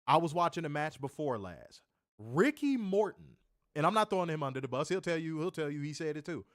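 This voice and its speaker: A man's voice: on the high side, sing-song, a little fast, no room sound. Guy on a wrestling recap show rambling through a backstage story, keeps repeating himself, dry close mic.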